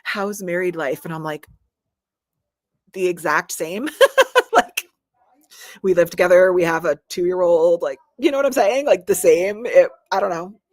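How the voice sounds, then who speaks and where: A woman in her thirties hosting a casual live stream, chatty and animated with frequent laughs. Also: lowish voice, normal speed, no echo. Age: 30s. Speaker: livestream host.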